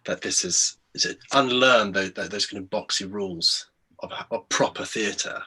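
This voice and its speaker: A man's voice: lowish voice, moderate pace, bright, forceful tone, husky. A young man interviewing, asking questions hesitantly with many restarts. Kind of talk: conversational interview.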